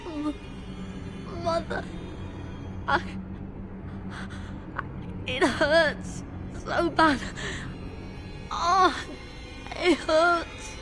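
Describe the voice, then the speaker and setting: A woman's voice: extremely high pitch, extremely slow, pauses often, music in the background, full character voice. A woman voicing a frightened young boy in pain, whimpering and faltering, in a video game.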